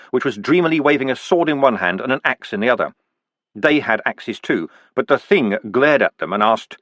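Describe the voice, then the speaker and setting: A male audiobook narrator with a mid-pitched voice and a lively, animated delivery. He reads dramatic fantasy prose with deliberate pauses, and the recording sounds close and dry. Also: no room sound. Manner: vivid, expressive reading with deliberate pauses.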